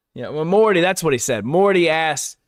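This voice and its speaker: A man's voice: on the high side, no echo, studio quality. A man giving a casual, rambling live-stream recap, full of fillers and chuckling asides.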